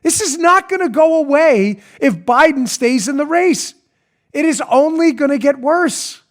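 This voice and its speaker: His voice is very high-pitched and his pace a little slow as this male podcast host gives an opinionated monologue. He rants with animation, leaning on emphasis and sarcasm.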